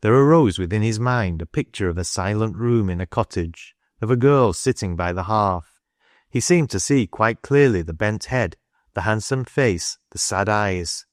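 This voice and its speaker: Low-voiced male audiobook narrator. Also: no room sound, studio quality. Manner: steady, unhurried storytelling. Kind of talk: scripted narration.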